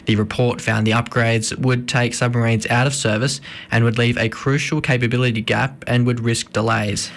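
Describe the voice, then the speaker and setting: A male reporter files a news report in an even, measured voice. His pitch stays flat and level throughout.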